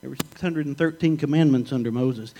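A man's voice: medium pitch, a little fast, warm tone, dull audio. A middle-aged man preaching a sermon, telling stories in a folksy, joking way. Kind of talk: sermon with storytelling.

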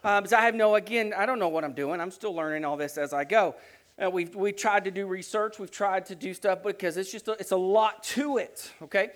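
A high-pitched man preaching by telling a story. He talks in an animated, rambling way and keeps circling back to restart his sentences. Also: fairly quick. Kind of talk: storytelling sermon.

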